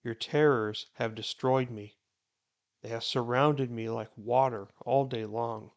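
Slow, gravelly man reading scripture. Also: mid-range voice, fairly even intonation. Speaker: Bible reading host.

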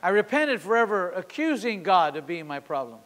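A man in his sixties preaching a sermon at a church service. He tells a story with passion, swinging from sudden loud peaks to quiet drops. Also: sits high, very animated, moderate pace. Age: 60s. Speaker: pastor. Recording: long hall reverb.

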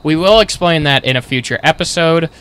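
A man's voice: fairly high pitch, fairly quick, fairly bright tone, clear, resonant tone. A man co-hosting a casual podcast chat among friends, joking and sarcastic, sometimes explaining things to listeners. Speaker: podcast co-host.

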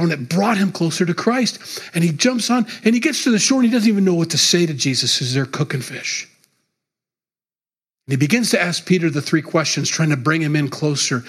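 A man preaching a sermon to his congregation. His voice sits a little high and sounds husky and breathy. He delivers it with emphasis and repetition, swinging between loud rises and quiet drops. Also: brisk. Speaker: pastor.

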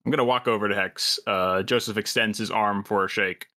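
A man's voice: on the low side, steady tone, brisk, sharp tone. A man playing a tabletop role-playing game, playful, slipping into a hearty in-character tone. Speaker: player.

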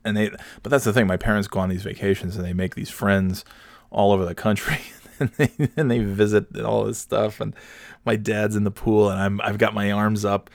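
A man's voice: fairly low pitch, level tone, moderate pace, creaky, no echo. A man hosting his own podcast from home, telling rambling stories in a casual, profane, self-deprecating way. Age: adult with children. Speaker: podcast host. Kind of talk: casual solo podcast storytelling. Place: home recording setup.

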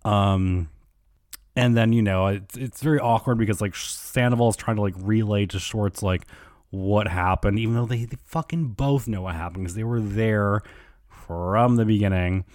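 A man's voice: fairly low pitch, moderate pace, darkish tone, no room sound, studio quality. A man hosting a solo podcast, rambling through celebrity gossip in a casual way, with constant fillers and swearing. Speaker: podcast host.

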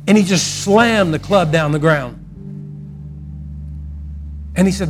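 Animated preacher man, fairly high. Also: takes it slowly, long pauses, faint music behind. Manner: animated storyteller, rising loud for quoted outbursts, dropping soft for the point. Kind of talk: sermon storytelling.

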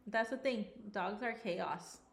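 A woman in her thirties talks casually on a podcast, relaxed and playful and quick to laugh. Her voice sits in a middle range, and the room gives it a noticeable echo. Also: mid-range voice. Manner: easygoing and playful, laughs often. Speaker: podcast co-host. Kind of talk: casual chat.

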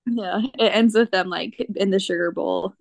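A woman's voice: mid-range voice, fairly even intonation, moderate pace, creaky. A woman hosting a casual podcast chat, giggling often as she retells favorite cartoon scenes and mimics the characters. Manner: giggly, quotes characters in playful voices. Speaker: podcast host.

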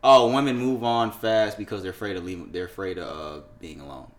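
A man's voice: lowish voice, steady tone, a little fast. A young man co-hosting a podcast, chatting casually and loosely, swearing, laughing and reading headlines aloud. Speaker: podcast co-host. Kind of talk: casual chat.

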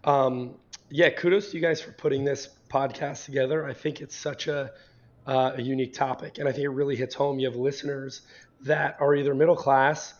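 A hoarse man in his thirties from northern New Jersey, a podcast guest chatting casually and rambling, restarting his words. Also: mid-range voice, a little mellow. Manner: rambling, repeats words when starting thoughts. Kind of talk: casual interview chat. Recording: dull lo-fi sound.

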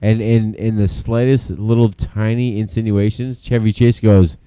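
A man co-hosting a podcast in casual chat, animated and swearing, acting out movie quotes. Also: fairly low pitch, moderate pace, smooth, no room sound. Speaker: podcast co-host.

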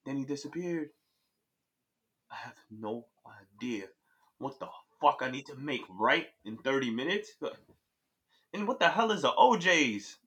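An actor playing an excitable young man who swears loudly and tells a frantic story in slang, in an audio drama. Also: mid-range voice, a little slow, long pauses. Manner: loud, agitated storytelling with slang. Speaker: Trey, a young man who saw the Grim Reaper.

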